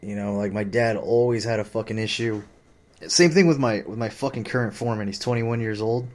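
In a brisk, darkish voice on the low side, with fairly even intonation, a man rants about his father and his boss. The story rambles, is profane, and is packed with fillers and agitation.

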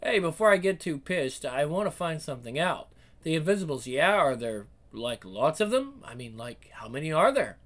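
A crude, drunk young lad fires off blunt, pushy questions, as a man voices him. The voice swings lively in pitch, casual and rough-edged, in a comic-book reading. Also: moderate pace, few pauses. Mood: brash.

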